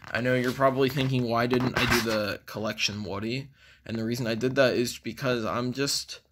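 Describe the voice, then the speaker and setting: A man's voice: mid-range voice, background noise. Casual man reviewing toys. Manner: casual, rambling with ums. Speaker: toy reviewer.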